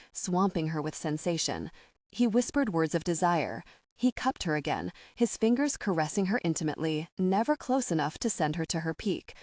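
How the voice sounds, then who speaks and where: A woman narrates a romance audiobook in a steady, even read. Her voice sits on the lower side. The recording is dry and close, with no room sound. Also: no echo.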